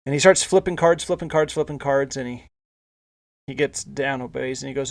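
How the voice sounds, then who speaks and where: A man's voice: mid-range voice, moderate pace, vocal fry. A male podcast host telling a casual anecdote, rambling with frequent restarts and repeated words. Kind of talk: casual storytelling.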